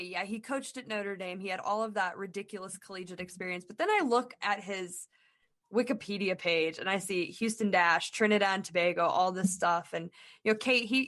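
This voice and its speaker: A woman's voice: medium pitch, fairly bright tone. A woman hosting a sports podcast, asking rambling questions in a chatty, casual way. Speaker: podcast host and sports reporter.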